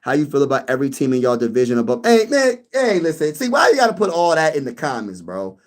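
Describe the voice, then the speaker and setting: A man on a casual sports livestream, talking to his chat with boastful hype. His voice sits a bit higher than most men's. He leans on slang, calls people bro and baby, and repeats lines for emphasis. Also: wildly swooping pitch, quick pace. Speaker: sports channel host. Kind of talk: casual livestream chat reading viewer comments.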